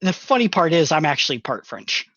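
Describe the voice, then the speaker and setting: Exasperated man with an animated voice. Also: fairly high pitch, fairly quick, lo-fi sound, background noise. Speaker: guest. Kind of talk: casual podcast chat.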